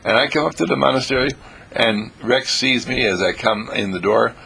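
Very husky, gravelly man, exuberantly animated. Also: normal speed. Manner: exuberant, swooping between high exclamations and low murmurs, repeats phrases. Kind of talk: inspirational monologue.

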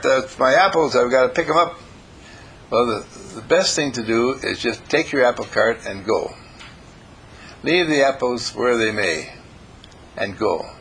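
A man's voice: medium pitch, fairly bright tone, slight background noise, poor audio. An older man giving a folksy, informal motivational talk to a group, homespun in manner and slipping into playful quoted voices. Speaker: group teacher.

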